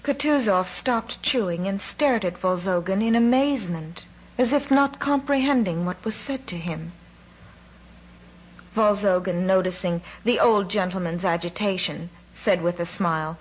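A woman narrates a classic novel in a measured, expressive way at a middle pitch. The recording is slightly dull and muffled. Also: breathy edge. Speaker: audiobook narrator.

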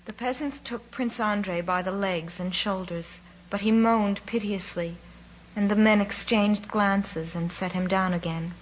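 A woman reading a novel aloud as an audiobook narrator, in a measured way, lifting her voice for the characters' shouts. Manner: measured, voicing characters' cries with raised pitch. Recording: slightly dull recording with faint noise.

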